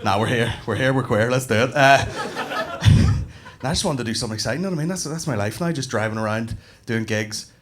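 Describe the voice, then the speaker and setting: A man's voice: mid-range voice, brisk. A young man with a Northern Irish accent doing a sweary stand-up set, bantering with a live crowd. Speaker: stand-up comedian. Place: comedy club stage before a live audience. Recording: live club recording with clear background noise.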